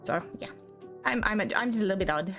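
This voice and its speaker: A woman's voice: medium pitch, lively intonation, quick pace, a bit bright, faint music behind. A woman with an Australian accent, slightly Americanized, chatting casually with her live chat as a streamer, rambling and giggling.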